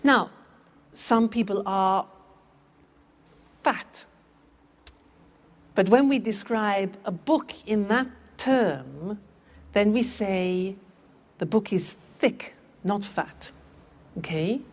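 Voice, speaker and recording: A woman teaching English vocabulary, repeating words slowly and clearly for learners. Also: mid-range voice, animated. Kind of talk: slow, clear language lesson.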